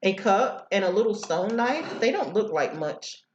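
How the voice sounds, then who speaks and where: A woman reading aloud voices a calm, curious young boy in her own plain voice. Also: medium pitch, a little slow, echoey room, muffled recording, a little hiss or hum, natural voice.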